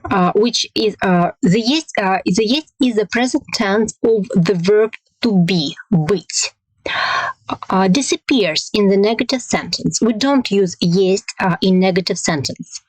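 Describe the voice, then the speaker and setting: A woman teaching a language lesson, hesitating with many fillers and modelling example phrases slowly and carefully. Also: medium pitch, a little mellow, dry recording, rough recording.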